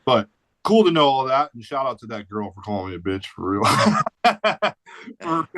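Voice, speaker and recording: A man's voice: medium pitch, big pitch swings, moderate pace, a bit bright, dry recording. Blunt, profane man in his forties. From St. Louis area. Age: 40s. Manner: blunt, profane and laid-back, peppered with "dude" and "like". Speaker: podcast guest. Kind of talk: casual storytelling chat.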